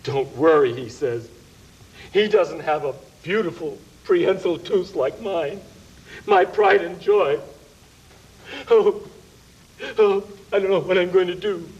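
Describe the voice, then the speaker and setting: A man's voice: sits high, measured pace, pauses often, a little mellow, dull audio. A man voicing a vain, melodramatic dragon puppet who moans and wails over his troubles. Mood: moaning. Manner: moaning, melodramatic wailing.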